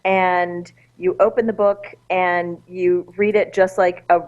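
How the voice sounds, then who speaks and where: Low-voiced woman guest on a dull line. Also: little pitch movement, a little mellow. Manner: measured, explanatory. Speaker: podcast guest, app founder. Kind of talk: explaining in an interview.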